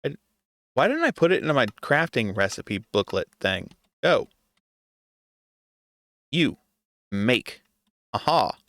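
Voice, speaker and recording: A man's voice: medium pitch, big pitch swings, slow pace, pauses often, a bit bright, no echo, clean studio sound. A young adult man giving casual gameplay commentary, talking to himself in an exasperated, joking way. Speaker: gaming video creator.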